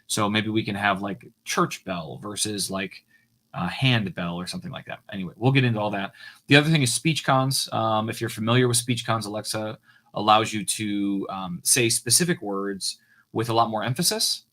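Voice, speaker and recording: A man's voice: on the low side, moderate pace, a bit bright. A man walking viewers through his code on a live coding stream, casual and hesitant, with frequent fillers and restarts.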